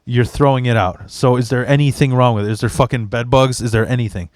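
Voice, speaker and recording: A man's voice: medium pitch, fairly even intonation, fast talker, darkish tone, dry recording. Wisecracking man on a dry, close mic. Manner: wisecracking, profane, jokey asides. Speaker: podcast co-host. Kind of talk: casual chat. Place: podcast studio room.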